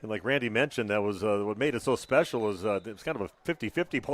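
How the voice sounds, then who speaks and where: A man calling a high school football game live on radio as the play-by-play announcer, talking loosely with frequent "uh" fillers. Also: racing, a bit bright.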